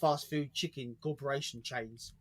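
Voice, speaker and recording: A British man co-hosting a stream chats casually in a medium-pitched, steady voice at normal speed, with a fairly bright tone. He swears freely, stumbles and repeats words, and laughs partway through his story.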